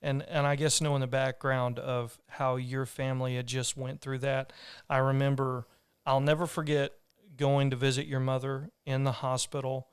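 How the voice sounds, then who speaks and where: A man hosting a podcast tells a personal story in a casual, earnest, rambling way, restarting his sentences along the way. His mid-range voice is smooth, with little pitch movement and normal speed, in a dry recording.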